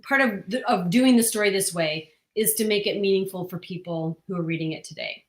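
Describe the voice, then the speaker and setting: A woman's voice: medium pitch, a little fast, echoey room. A woman who writes comics, answering interview questions earnestly and at length, with frequent restarts.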